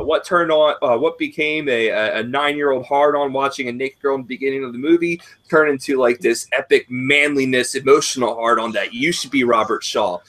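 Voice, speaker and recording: A man in his thirties, co-hosting a casual chat, telling a long profane story in a rambling, animated way. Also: mid-range voice. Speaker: podcast co-host.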